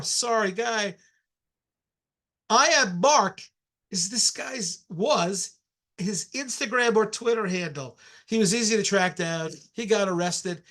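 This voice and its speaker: A man's voice: high voice, a bit bright. A middle-aged man, an archaeologist, giving a public lecture with slides in a conversational way, with frequent restarts and asides.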